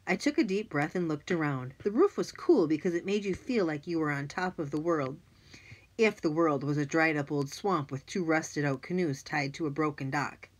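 A woman reads a children's audiobook aloud. Her voice sits a little low for a woman and moves a lot in pitch, giving an expressive, lively reading. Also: normal speed. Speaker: audiobook narrator. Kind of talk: scripted narration.

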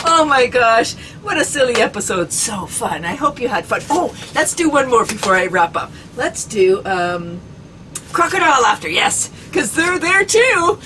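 A bubbly woman from Canada leads a playful laughter exercise, her high voice leaping up and down with giggles and exclamations. She talks at an unhurried pace. She sounds a little far from the mic over a clear hum of background noise. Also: big pitch swings, bright, forceful tone. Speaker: laughter club leader.

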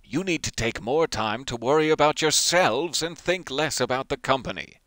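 A man's voice: medium pitch, normal speed, a bit bright, dry recording, pitched above the performer's own voice, lightly acted. A man putting on the voice of a smug, wealthy male boss lecturing his staff in a condescending, mock-generous way.

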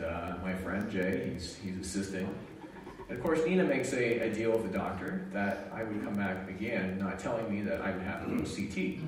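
A man telling a personal story to an audience in a lively, joking way, acting out what he and others said. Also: lowish voice, slight background noise. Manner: animated, jokey, quotes himself and others. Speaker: speaker sharing a personal story. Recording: echoey room, mic at a distance.

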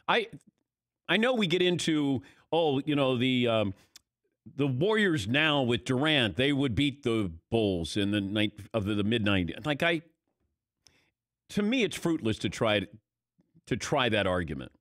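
Animated sports radio host, dry studio sound. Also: male voice, medium pitch, measured pace, no room sound. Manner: animated, restarts often, swoops up for emphasis. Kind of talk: casual sports talk.

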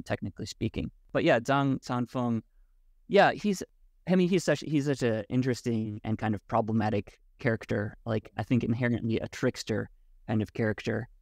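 A man as a podcast guest, talking in a thoughtful, halting way with many restarts. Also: lowish voice, fairly even intonation, darkish tone, no echo, studio quality. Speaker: podcast guest, Wudang martial arts teacher. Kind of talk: casual conversation.

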